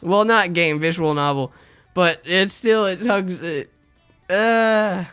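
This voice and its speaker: A reader narrating a visual novel as its protagonist, fondly scolding and tender, then chatting excitably about it while correcting themselves. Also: medium pitch, unhurried, clean tone, soft background music. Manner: excitable between lines, self-correcting.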